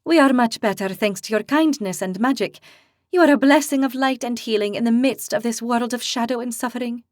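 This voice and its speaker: A woman voicing a gentle, kind young woman of a fantasy race, imprisoned but hopeful, in an audiobook. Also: fairly high pitch, lively intonation, moderate pace, no echo, clean studio sound, pitched above the performer's own voice, natural voice. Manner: gentle, gracious.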